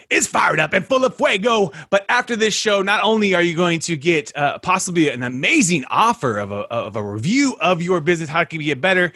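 A man's voice: high voice, expressive, fairly quick, pushed and bright, dry recording, studio quality, soft background music. A man hosting a podcast interview over a video call, hyped and talking straight to his listeners. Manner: hyped, talks up the audience as folks. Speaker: podcast host.

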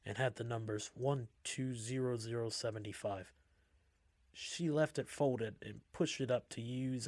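A man reading a story aloud in a steady, measured way. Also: medium pitch, no echo.

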